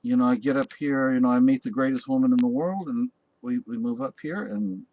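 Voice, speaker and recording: A man's voice: mid-range voice, a little fast, no room sound. A man from Texas, talking in a rambling personal monologue that often restarts and repeats phrases. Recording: dull, dry lo-fi recording.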